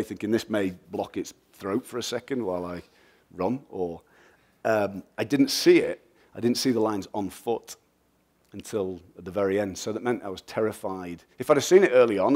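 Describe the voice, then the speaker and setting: A middle-aged Englishman with an English accent and a lowish voice is the guest speaker at a festival. His motivational talk is lively, joking and blunt, and he takes questions from the audience.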